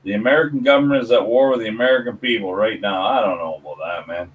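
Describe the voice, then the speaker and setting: A man's voice: fairly low pitch, quick pace, breathy edge, narrow, tinny audio. A man on a live stream, buzzed, musing in an offbeat, wandering way. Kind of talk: casual chat.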